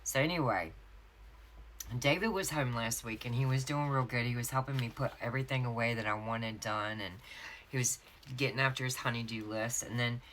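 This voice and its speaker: A woman's voice: very deep voice, fairly bright tone, a little hiss or hum. A woman with a Southern US accent telling a long, chatty story in a casual vlog from her home craft office. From North Carolina, USA. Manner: chatty, laughing, drawn-out storytelling asides. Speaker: planner vlogger. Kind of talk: casual storytelling chat while decorating a planner.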